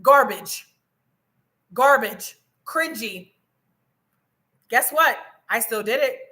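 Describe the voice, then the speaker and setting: A woman, giving a loud, preachy motivational talk straight to her viewers on a livestream from home. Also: a little high, expressive, slow. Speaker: travel content creator. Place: home in Colombia.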